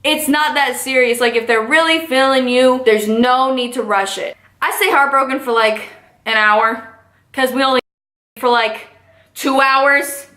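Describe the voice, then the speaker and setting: Young woman, sassy storytime vlogger, high voice, echoey room. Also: a little slow. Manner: sassy, animated storytelling with slang. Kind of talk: casual storytime vlog.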